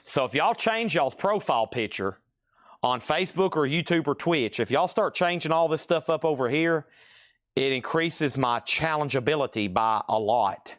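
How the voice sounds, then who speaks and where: A man's voice: fairly high pitch, expressive, moderate pace, fairly bright tone. A man hosting a live record sale, chatting casually and thinking aloud as he sorts through crates. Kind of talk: casual livestream selling.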